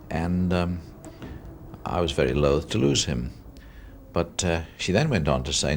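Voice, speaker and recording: A man's voice: extremely low pitch, animated, normal speed, gravelly, a little hiss or hum. An older man, a club chairman, telling a rambling anecdote in an interview. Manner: rambling anecdote with ums and uhs. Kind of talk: interview recollection.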